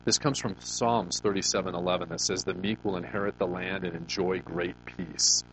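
A man's voice: low-pitched, fairly even intonation, moderate pace, a bit bright, slight background noise, rough recording. A middle-aged man preaching to a congregation in a conversational, storytelling way, often asking them questions. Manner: folksy personal storytelling. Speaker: pastor. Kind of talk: sermon.

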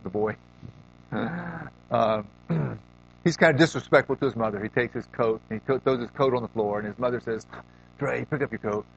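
Throat-clearing man telling a story in a sermon. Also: mid-range voice, normal speed. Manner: rambling, restarts, clears throat often. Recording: dull lo-fi recording.

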